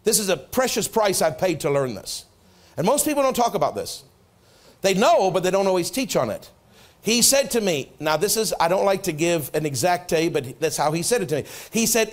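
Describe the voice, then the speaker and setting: A middle-aged pastor preaching in a church with a high, very lively voice that leaps up and sinks down. He tells his story with energy and acts out both sides of the dialogue, dropping quiet for the quoted lines. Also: normal speed. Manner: animated storytelling, acts out prayers and dialogue, drops soft for quotes. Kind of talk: sermon. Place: church sanctuary.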